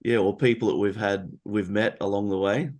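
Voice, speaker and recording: Easygoing Australian man, low voice. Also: fairly even intonation, moderate pace, a little mellow. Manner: easygoing, chatty, uses fillers like mate. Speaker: guest author. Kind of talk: casual interview chat.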